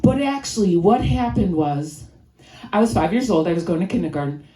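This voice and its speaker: A woman's voice: lowish voice, expressive, brisk, mellow. A woman from Chicago with a nasal voice and a Chicago accent doing a rambling, crude, self-deprecating stand-up set. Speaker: stand-up comedian. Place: stage in a comedy venue. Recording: echoey room.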